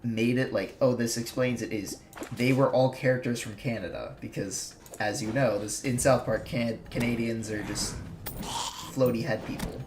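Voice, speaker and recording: A man's voice: medium pitch, steady tone, moderate pace, darkish tone. Rambling man with a slight Minnesota accent. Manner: rambling, many fillers and restarts. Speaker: streamer and video maker. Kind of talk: casual chat while gaming. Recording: echoey room with clear background noise.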